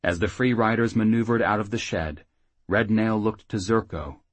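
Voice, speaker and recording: A man reading a fantasy audiobook as narrator, in a steady, even way. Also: lowish voice, normal speed, no room sound.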